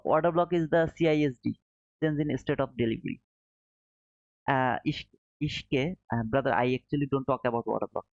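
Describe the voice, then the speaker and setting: A man with a non-native English accent talks casually on a live stream, patiently repeating his points and calling out viewers in chat. His mid-pitched voice is recorded close and dry, with slightly dull, muffled audio. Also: fairly even intonation, a little mellow, no echo. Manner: explains slowly, repeats points, answers chat by name. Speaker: livestream trading host.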